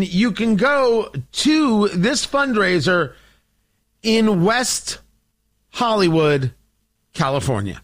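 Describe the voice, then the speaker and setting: A man's voice: high voice, fairly bright tone. A man hosting a political commentary show, delivering an opinionated monologue with sarcasm and theatrical asides to his audience.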